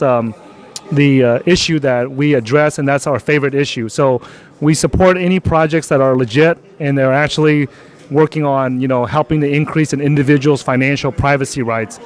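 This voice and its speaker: A man hosting a casual interview outdoors at a conference, loose and jokey with many fillers. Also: a little high. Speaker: channel host.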